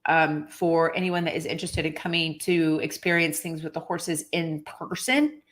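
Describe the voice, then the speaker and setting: Earnest low-voiced woman giving a pep talk. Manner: earnest, emotional, animated, with pauses and restarts. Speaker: motivational vlogger. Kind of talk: casual motivational talk to camera.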